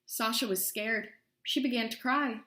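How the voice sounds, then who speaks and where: Storybook reader, female, a touch high, expressive read-aloud, roomy echo. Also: unhurried. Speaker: storyteller reading a children's book.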